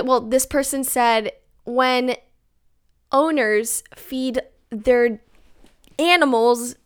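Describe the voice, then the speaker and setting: Chatty young woman podcaster, smooth voice. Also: on the high side. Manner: chatty, rambling, self-mocking, many "like"s. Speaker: podcast host. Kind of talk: casual solo podcast chat.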